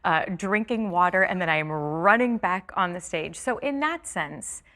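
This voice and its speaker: A woman from California, a stage actress, chatting as an interview guest, tired and quick with many fillers and restarts. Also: on the low side, animated, bright, forceful tone. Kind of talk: casual interview chat.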